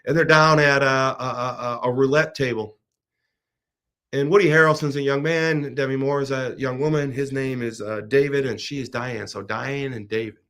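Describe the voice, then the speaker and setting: A middle-aged man with a gravelly, fry-edged voice recounts a movie in a loose, animated monologue. He trips and restarts on words as he goes, speaking as the host of his own show at a medium pitch. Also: moderate pace. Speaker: podcast host. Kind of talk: casual storytelling monologue.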